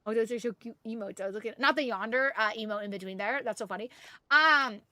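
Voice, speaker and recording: Bubbly, high-voiced Canadian woman streamer. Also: fast talker, dry recording, studio quality. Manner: animated, chatty, swears freely. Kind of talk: casual gaming stream chat.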